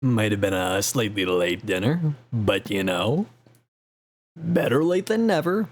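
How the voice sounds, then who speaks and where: A man's voice: fairly low pitch, very animated, unhurried. A man chatting casually on a live game stream, rambling and self-mocking with frequent laughs.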